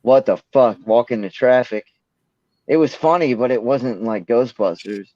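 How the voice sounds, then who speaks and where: A man's voice: medium pitch, normal speed, no room sound, muffled recording. A man chatting on a podcast, telling stories full of swearing. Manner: profane, animated storytelling. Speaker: podcast co-host. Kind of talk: casual chat.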